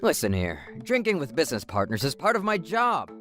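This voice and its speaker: A woman voicing a surly, drunken husband who talks in a gruff, dismissive way. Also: low-pitched, sing-song, brisk, fairly bright tone, soft background music, voice pushed down. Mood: angry. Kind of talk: scripted story narration.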